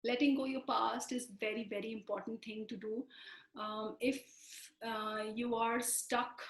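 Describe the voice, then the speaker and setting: A woman teaching a self-help exercise, repeating phrases slowly to guide the listener. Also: fairly high pitch, little pitch movement, roomy sound, poor audio. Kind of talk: instructional self-help talk.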